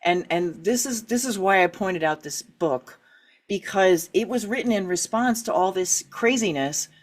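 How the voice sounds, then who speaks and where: A middle-aged woman, an author and writing coach, speaking candidly as an interview guest. She is animated, laughs often and acts out quoted reactions. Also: mid-range voice, normal speed.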